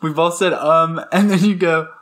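A man's voice: on the high side, fairly even intonation, moderate pace, a bit bright. A man co-hosting a comedy podcast from a couch at home, rambling casually and often breaking into laughter. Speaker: podcast co-host. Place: living-room couch at home.

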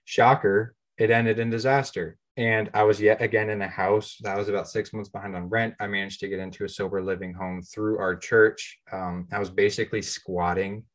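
A man's voice: fairly low pitch, flat delivery, normal speed, hardly any pauses. An American man in his thirties, co-hosting a podcast and telling his own story in a candid, self-deprecating, plain-spoken way. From United States. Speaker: podcast co-host. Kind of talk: casual personal storytelling.

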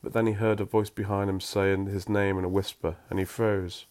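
A very deep-voiced man reads a story aloud. He drops into dry, self-mocking asides between passages. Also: flat delivery, normal speed, darkish tone.

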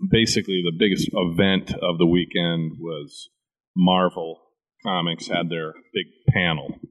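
A man's voice: deep voice, fairly even intonation, measured pace. A man in a casual chat who explains comic book movie news plainly and steadily.

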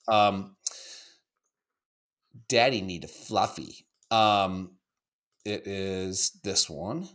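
A man co-hosting a casual livestream, reacting to videos in an animated, joking and profane way. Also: lowish voice. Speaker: co-host.

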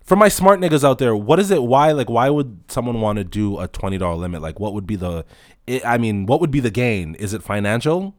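A man hosting a casual solo podcast, telling profane stories in an animated way and acting out the dialogue. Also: medium pitch, fairly quick, no room sound, clean studio sound. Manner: acts out dialogue in anecdotes. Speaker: podcast host.

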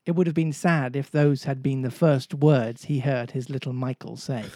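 A man reading a storybook aloud in a playful, warm-humored way. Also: mid-range voice, steady tone, normal speed. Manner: playful, jokes and laughs with listeners. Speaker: storybook reader. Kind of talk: storybook narration read aloud.

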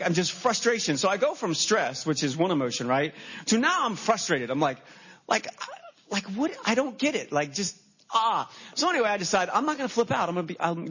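High-voiced animated pastor preaching. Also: male voice. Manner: animated storytelling, acting out his own reactions. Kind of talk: sermon. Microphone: handheld microphone. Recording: dull lo-fi sermon recording.

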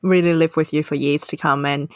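Woman, podcast co-host, casual chat, fairly low voice, explanatory storyteller, dry, close-miked sound. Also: steady tone, a little fast, no room sound.

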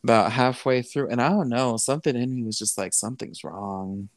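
A man on a podcast tells a personal story in a casual, earnest, emotional way, switching between English and Spanish and saying "you know" a lot. He talks fast in a mid-range voice, and the recording is dry.

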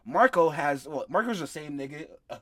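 A man's voice: a little high, animated, moderate pace, fairly bright tone. A young man hosting a podcast, talking in a rambling way about being real online and laughing along as he goes. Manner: rambling, joking, laughs a lot. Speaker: podcast host and content creator. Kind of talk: casual podcast chat.

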